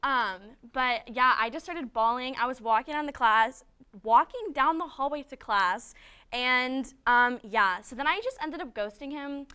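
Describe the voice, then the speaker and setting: A woman's voice: high voice, unhurried, sharp tone, clear, resonant tone. A young woman telling casual, self-mocking stories in a chatty, dramatic way. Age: young adult. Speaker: student panelist. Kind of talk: casual storytelling.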